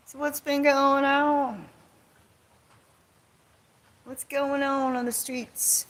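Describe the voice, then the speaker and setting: A woman's voice: sits high, level tone, very slow, long pauses, a bit bright. A woman vlogging from home in a rambling casual chat, sarcastic and swearing, jumping between topics and mocking people in put-on quotes. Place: home, on couch or bed.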